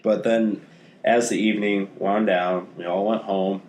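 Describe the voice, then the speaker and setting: A man co-hosting a podcast, telling a story in a relaxed, matter-of-fact way. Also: fairly low pitch, unhurried, a little hiss or hum. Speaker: podcast co-host. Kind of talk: casual storytelling. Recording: echoey room.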